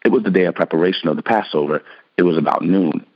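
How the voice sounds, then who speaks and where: A man with a deep voice reads scripture aloud in a steady, even way. The audio is dull and lo-fi. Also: quick pace. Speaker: scripture reader. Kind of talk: scripted narration.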